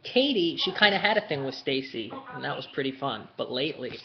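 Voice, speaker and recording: A man hosting a live fan chat, talking casually, excitable and swearing, shouting bursts and then mumbling while reading. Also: mid-range voice, brisk. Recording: dull lo-fi webcast audio with faint noise.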